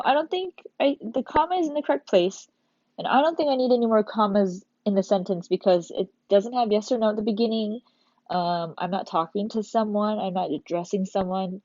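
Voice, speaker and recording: A woman teacher walking young pupils step by step through a recorded lesson, in an animated manner. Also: medium pitch, no echo, lo-fi sound. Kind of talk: recorded remote class lesson.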